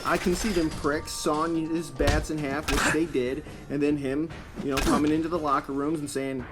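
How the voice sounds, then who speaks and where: A man's voice: on the high side, flat delivery, normal speed. A man from Michigan giving a profane, sarcastic rant while commenting on his gameplay. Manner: swearing, ranting, sarcastic. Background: game music.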